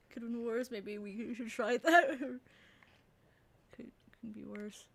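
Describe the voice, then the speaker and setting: A woman's voice: a little high, slow pace, gravelly, a bit bright. A woman hosting a let's play, chatting casually with giggles and self-deprecating jokes. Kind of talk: casual gameplay commentary.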